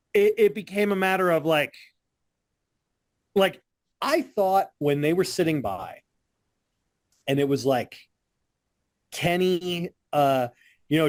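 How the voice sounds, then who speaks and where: A man's voice: high-pitched, no echo, studio quality. A man co-hosting a wrestling podcast, ranting in casual chat with frequent swearing and laughter. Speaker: podcast co-host.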